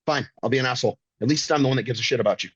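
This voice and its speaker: Fifty-ish guy, blunt and swears a lot, kinda husky, dry dull sound. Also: mid-range voice, very fast, fairly bright tone, no room sound. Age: 50s. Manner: blunt and profane, emphatic. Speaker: guest. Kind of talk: casual storytelling.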